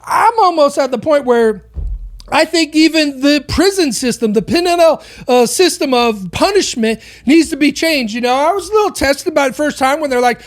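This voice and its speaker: A woman's voice: high voice, lively intonation, moderate pace. A woman hosting a podcast, delivering an impassioned opinion monologue full of rhetorical questions. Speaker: podcast host.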